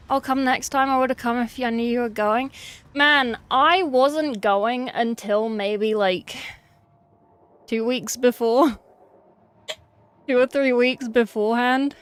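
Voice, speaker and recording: A woman's voice: fairly high pitch, takes it slowly, long pauses, a bit bright, clean tone. A woman hosting a casual livestream at her hobby desk, rambling as she reads chat aloud and answers it. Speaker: livestream host.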